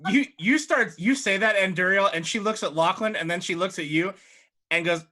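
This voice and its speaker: A man narrating a tabletop game as game master, in an animated storytelling manner. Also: high voice, moderate pace.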